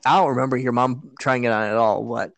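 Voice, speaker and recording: A man's voice: mid-range voice, steady tone, fast, a bit bright, no echo. A man chatting as a guest on a podcast, hesitant and full of fillers, often laughing as he recalls things. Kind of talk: casual chat.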